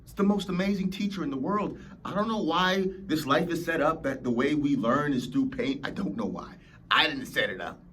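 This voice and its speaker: A man's voice: fairly high pitch, moderate pace, a bit bright, slight background noise. A man hosting a motivational podcast, preaching emphatically and acting out whiny complainers. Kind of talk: motivational talk.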